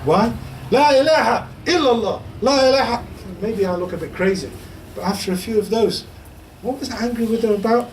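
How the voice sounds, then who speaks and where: A man's voice: high-pitched, fairly quick, a little mellow. Guy giving a casual religious class, storytelling and funny, mic kinda far off. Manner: chatty, humorous storytelling with repeated chanting. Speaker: Islamic teacher. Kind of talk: informal teaching talk. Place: lecture room. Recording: distant mic with faint background noise.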